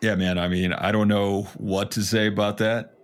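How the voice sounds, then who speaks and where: Male podcast co-host, low voice, jokey teasing banter. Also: moderate pace. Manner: animated, jokey, playful teasing. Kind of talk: casual joking banter.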